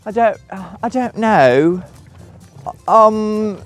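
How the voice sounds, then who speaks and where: A man's voice: high-pitched, expressive, slow, faint music behind. A man doing farm chores, talking in a sassy, profane, theatrical way to his animals outdoors.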